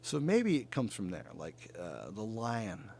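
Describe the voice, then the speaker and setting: Animated, swearing podcast host guy. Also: on the low side, measured pace, vocal fry, a little hiss or hum. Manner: profane, laughs often, animated storyteller. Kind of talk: casual chat. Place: northern California.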